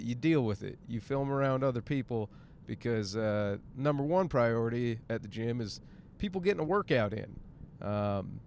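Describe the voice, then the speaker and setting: A man in his 30s hosts a casual podcast monologue while driving, rambling, joking and swearing freely. His voice is on the high side, with a little hiss or hum in the recording.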